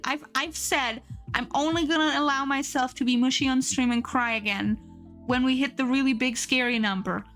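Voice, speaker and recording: A playful, giggly woman with a fairly high voice, chatting casually with her live-stream audience and reading out their messages. Soft music plays faintly behind her at her desk setup. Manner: giggly, playful, reads chat aloud.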